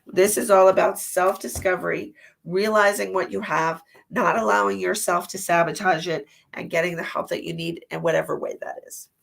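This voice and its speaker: Stuffy-nosed woman with a gravelly voice. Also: lowish voice, steady tone, normal speed. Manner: chatty, rambling, laughs at herself. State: stuffy nose from allergies. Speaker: psychic livestream host. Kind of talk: casual livestream chat and tarot reading.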